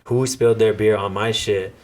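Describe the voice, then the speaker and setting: A man's voice: lowish voice, steady tone, normal speed, darkish tone. A man hosting a podcast, telling a story in a loose, casual way, swearing freely and stopping often to restart. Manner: profane, loose storytelling with many fillers and restarts. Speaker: podcast host and DJ.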